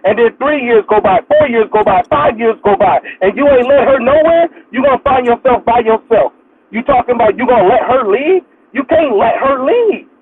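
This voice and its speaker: A man's voice: very high-pitched, big pitch swings, normal speed. A man speaking in preaches with fervor, stacking repeated lines into rhetorical build-ups. The sound is muffled and lo-fi, like a phone on a live stream. A faint hiss of noise sits under his voice. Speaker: guest speaker on a live audio chat. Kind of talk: impassioned preaching-style talk.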